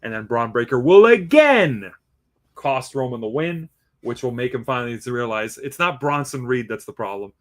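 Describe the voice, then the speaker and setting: A man co-hosting a casual wrestling predictions podcast, excitable and teasing, laughing as he talks. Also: medium pitch, normal speed. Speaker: podcast co-host giving predictions.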